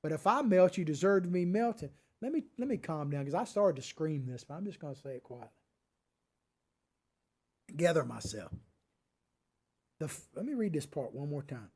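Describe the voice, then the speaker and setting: A male host delivering an opinion monologue on politics. He is combative and sarcastic, shifting between near-shouting and hushed asides as he speaks to his viewers from a home setup. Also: high voice, big pitch swings, normal speed. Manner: combative, swings from loud outbursts to quiet asides.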